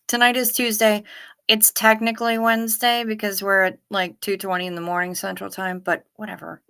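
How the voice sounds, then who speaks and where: A woman's voice: medium pitch, flat delivery, a little fast, vocal fry, sharp tone, clean tone. A middle-aged woman, hosting a late-night livestream, tired and yawning as she chats casually with viewers and reads their comments. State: sleepy. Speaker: livestream host.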